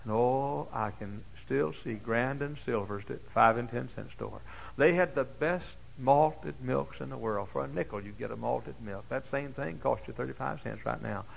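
An older man preaching a folksy sermon. He tells stories dramatically, moving from hushed asides to high, shouted exclamations. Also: moderate pace, creaky, husky, poor audio. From Dallas, Texas. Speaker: pastor. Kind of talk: sermon with personal storytelling. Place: church.

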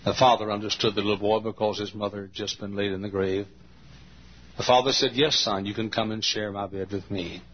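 Folksy preacher guy in a big church, lowish voice, muffled lo-fi sound. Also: slightly rough. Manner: folksy storytelling, slow emphatic phrasing. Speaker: pastor. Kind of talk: sermon. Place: large church. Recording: dull lo-fi church recording.

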